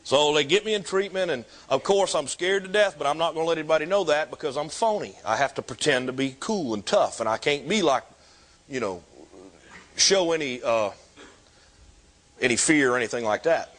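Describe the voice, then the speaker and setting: A man in his fifties who speaks a touch higher than most men. He tells his own recovery story with animated delivery and self-mocking humor. It sounds like a personal testimony. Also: brisk.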